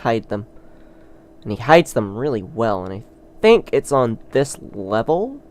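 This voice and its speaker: Rambling, excitable man narrating his gameplay. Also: medium pitch, unhurried. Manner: rambling and excitable, self-deprecating. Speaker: gaming channel host. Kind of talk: let's play commentary.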